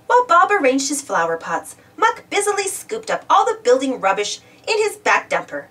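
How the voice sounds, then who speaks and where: Lively woman reading a kids' storybook. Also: high voice, moderate pace, hardly any pauses, recorded from a distance. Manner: expressive, animated. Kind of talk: children's storybook read-aloud.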